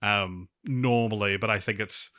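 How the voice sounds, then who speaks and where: A man's voice: fairly low pitch, fairly even intonation, unhurried, bright, forceful tone, dry recording, studio quality. A man co-hosting a film podcast, speaking hesitantly with frequent restarts. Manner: hesitant, restarts a lot, laughs easily. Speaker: podcast co-host. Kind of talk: casual film-review chat.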